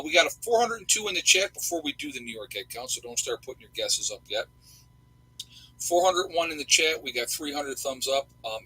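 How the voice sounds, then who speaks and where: Rambling folksy man with husky voice. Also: mid-range voice, bright, forceful tone, rough recording. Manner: rambling, folksy, many fillers. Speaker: livestream host. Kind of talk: casual livestream chat.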